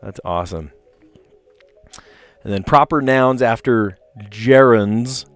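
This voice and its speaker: A man's voice: mid-range voice, slow, soft background music. A man casually chatting on a live stream, reading puzzle clues aloud and rambling to his viewers. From New Jersey.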